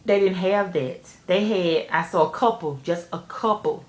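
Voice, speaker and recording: A woman telling a story candidly to camera, animated and profane, speaking straight to her viewers. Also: fairly low pitch, normal speed, roomy sound. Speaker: nail technician vlogger.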